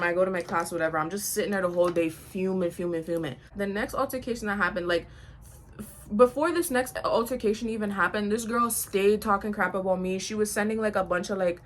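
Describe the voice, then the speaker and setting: A young woman vlogger telling a storytime while getting ready, blunt and animated, acting out the other people in the story. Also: medium pitch. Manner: blunt, animated retelling with quoted voices.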